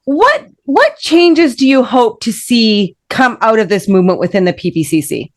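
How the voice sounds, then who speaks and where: A woman's voice: on the high side, big pitch swings, normal speed. A woman hosting a podcast who asks her guest questions in an encouraging way. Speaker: podcast host. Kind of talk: casual podcast conversation.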